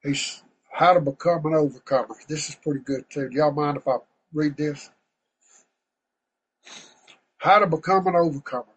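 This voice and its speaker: A man preaching a fervent, folksy sermon to an online group over a video call, breaking into shouts of praise. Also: on the high side, moderate pace, long pauses, breathy edge, highs cut off.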